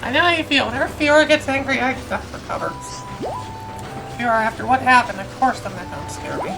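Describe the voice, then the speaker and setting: Woman reading as a gentle young hero. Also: high-pitched, brisk. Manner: soft, polite, a bit hesitant. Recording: game music behind.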